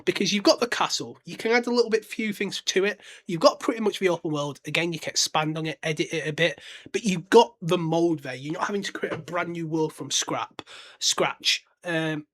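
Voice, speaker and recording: A man's voice: a little high, a little fast, a bit bright. A man hosting a casual solo podcast, talking bluntly with lots of fillers and restarts. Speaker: podcast host.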